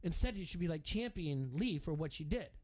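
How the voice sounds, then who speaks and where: A middle-aged man co-hosting a sports radio show, talking in a rambling, animated way with many restarts. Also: on the high side, fairly quick. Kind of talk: casual sports talk.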